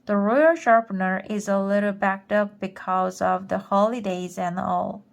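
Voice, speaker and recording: A woman's voice: medium pitch, measured pace, creaky. A woman voicing a big, nervous male ant guard who stammers and fawns over his queen in a storybook reading. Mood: flustered. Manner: flustered, fawning, stammering apologies.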